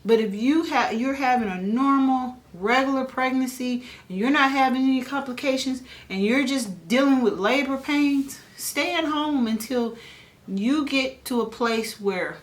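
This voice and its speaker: A woman, casually telling her own birth story on a family vlog, animated, and jumping her voice up when she imitates other people. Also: sits high, measured pace. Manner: animated, mimics others with a raised voice. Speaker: vlogger and mother.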